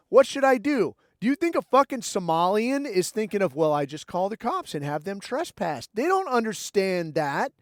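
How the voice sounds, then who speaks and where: Man, podcast host, profane rant, high voice, dry close sound. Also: no echo. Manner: heavy swearing, blunt and combative. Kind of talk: profane ranting monologue.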